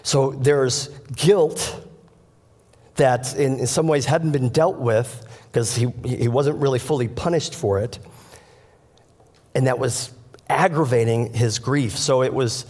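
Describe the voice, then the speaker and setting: A male pastor delivers a sermon at an ordinary middle pitch. He tells the scripture story earnestly and speaks straight to the congregation. His voice rings out with the long reverb of a church sanctuary. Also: slow pace, a little mellow.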